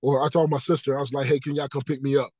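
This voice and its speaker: A man's voice: mid-range voice, little pitch movement, racing, a little mellow, breathy edge, no room sound, rough recording. A man, a podcast guest telling his life story earnestly, repeating key phrases and acting out the dialogue. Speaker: podcast guest, motivational speaker. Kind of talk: personal testimony in casual interview.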